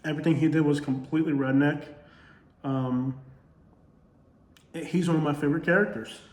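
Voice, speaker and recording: A man's voice: a little high, steady tone, normal speed, a little mellow, echoey room. A man with a Southern accent, a comedy creator speaking in a casual commentary monologue, earnest and full of rhetorical questions. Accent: Southern US, Alabama-tinged.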